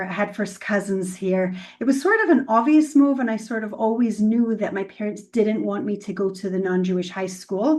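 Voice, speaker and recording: Woman from Scotland, interview guest, relaxed, chatty, mid pitch, a little distant from the mic. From Glasgow, Scotland. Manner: relaxed, conversational, with fillers. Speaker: guest, financial planner. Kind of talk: interview answers, casual.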